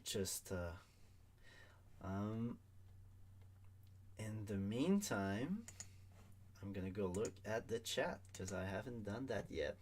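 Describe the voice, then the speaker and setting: A man's voice: on the low side, animated, slow pace, pauses often, a little mellow, a little hiss or hum. A man hosting a live league draft stream, speaking in casual commentary with many ums and restarts. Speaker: draft broadcast host.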